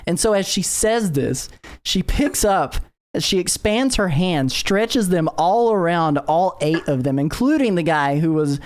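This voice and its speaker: A man's voice: sits high, animated, unhurried. A man narrating as game master of a tabletop game, telling the scene loosely with many fillers and restarts. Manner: loose, filler-heavy storytelling.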